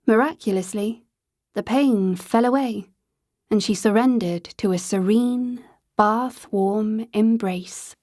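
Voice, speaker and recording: A woman narrating an audiobook in a scripted reading, slowing to a drawn-out, dreamy pace in the hazy passages. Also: medium pitch, darkish tone, no echo, studio quality.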